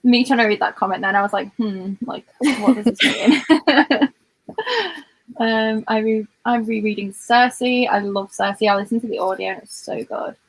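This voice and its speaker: British woman hosting a reading stream, breathy voice, laughs a lot, video call. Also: on the high side, steady tone, poor audio. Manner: bubbly, laughs a lot, fast talker. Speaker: host of a reading livestream. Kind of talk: casual chat.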